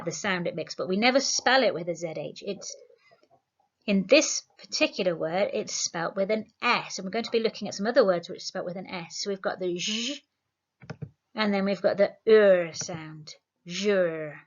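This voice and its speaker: A woman, teaching a spelling lesson to young children, slowly sounding words out syllable by syllable. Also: medium pitch, dull audio. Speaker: primary school teacher.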